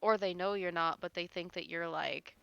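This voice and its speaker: A woman's voice: lowish voice, steady tone, normal speed, gravelly, a bit bright, clear, resonant tone, no echo, lo-fi sound, soft background music. A woman livestreamer chatting casually with her chat, teasing and swearing while she rambles.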